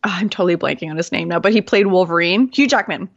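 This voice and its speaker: Bubbly Canadian woman on a dull line. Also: lowish voice. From Manitoba, Canada. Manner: bubbly, laughs often, quick to digress. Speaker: podcast guest, clarity coach. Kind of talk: casual conversational interview.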